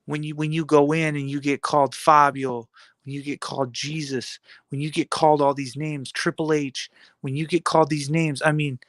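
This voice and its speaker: A man's voice: on the high side, flat delivery, normal speed, a bit bright, no echo. Defiant man with a raised voice. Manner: taunting, rhetorical questions, repetitive. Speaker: video blogger. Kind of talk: defiant motivational monologue.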